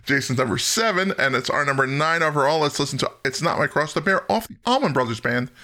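A man's voice: a little high, animated, fast talker, few pauses, pushed and bright. A man hosting a casual music podcast, running a song countdown in a jokey, self-deprecating way. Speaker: podcast host. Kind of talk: casual music-talk chat.

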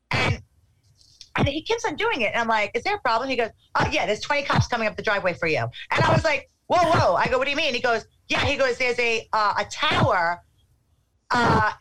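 Middle-aged lady telling a wild story, animated, kinda high voice, noisy recording. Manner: animated, acts out quotes. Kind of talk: casual anecdote.

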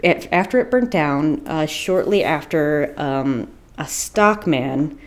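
A woman with a slightly low voice co-hosts a chatty podcast. She rambles through a spooky tale in a loose, casual way, swearing freely and laughing at her own stumbles. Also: lively intonation, slow. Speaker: podcast co-host. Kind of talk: casual storytelling chat.

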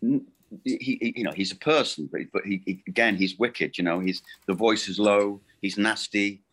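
Guest voice actor, middle-aged man, deep low voice, halting and rambling chat. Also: fairly bright tone. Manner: rambling, halting and self-correcting. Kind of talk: casual interview chat.

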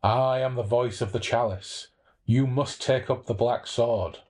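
A man voicing a solemn, disembodied voice from a golden chalice, speaking slowly and commandingly. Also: medium pitch, fairly even intonation, darkish tone, natural voice. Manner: slow, solemn commanding delivery.

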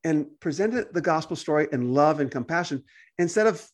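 A man's voice: fairly high pitch, brisk. A man who hosts a podcast and preaches, talking casually and acting out the voices of people he quotes. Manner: animated storytelling, acts out quoted voices. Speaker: podcast host and pastor. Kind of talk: casual conversation.

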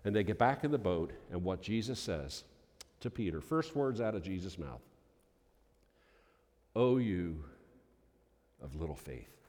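A male pastor telling a story in a sermon, in a folksy manner that builds to loud, emphatic peaks. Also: lowish voice. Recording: long reverb of a large hall.

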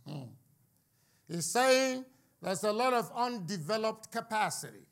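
A high-pitched man delivers a sermon to his congregation. He preaches with fervor, climbs to near-shouts on his key points, and breaks it up with playful jokes. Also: expressive, normal speed. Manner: impassioned, building to shouts, with joking asides.

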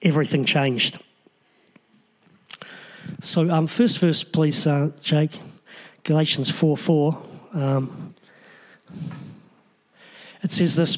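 A man's voice: on the high side, fairly even intonation, slow, long pauses. A man, a pastor, preaching a sermon in an earnest, emphatic way with short repeated phrases.

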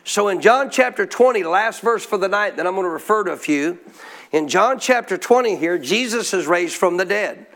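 High-voiced man preaching call-and-response. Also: lively intonation, normal speed, a bit bright. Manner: call-and-response preaching, asks the congregation questions. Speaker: pastor. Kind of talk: sermon. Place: church.

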